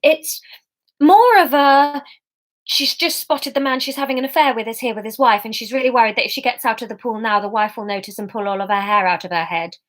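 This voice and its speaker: A woman's voice: a little high, fairly even intonation, fairly bright tone, lightly acted. A woman voicing a flustered, blunt young woman explaining herself in a hurry, in a storybook reading. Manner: hurried, flustered.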